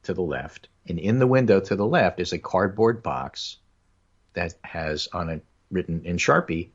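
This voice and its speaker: A podcast host casually tells an anecdote, acting out what other people said. His low voice is slightly rough with lively intonation at a normal speed, and the audio sounds dull.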